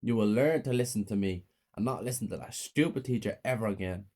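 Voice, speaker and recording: Cruel abusive mother, voiced by a man, slow menacing scolding, raised voice, horror story. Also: lowish voice, darkish tone. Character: cruel, cold, abusive mother, adult woman.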